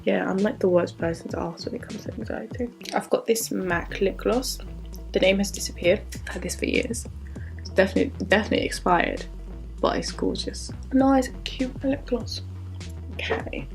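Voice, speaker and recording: A woman's voice: mid-range voice, creaky. A woman in her twenties chatting candidly through a Q&A vlog, drifting into asides as she talks. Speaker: vlogger. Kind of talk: casual Q&A vlog.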